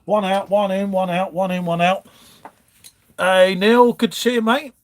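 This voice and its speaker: Chatty man, rather high voice. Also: fairly even intonation, measured pace. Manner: chatty, matey banter, calls everyone mate. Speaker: livestream host reading viewer chat. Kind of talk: casual live chat. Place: home, pub-style setup.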